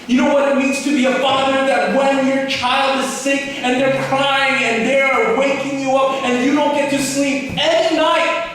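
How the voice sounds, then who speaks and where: A man preaching a sermon as pastor, passionate and swinging between loud and hushed. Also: very high voice. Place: church sanctuary. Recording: echoey hall from far off, faint noise.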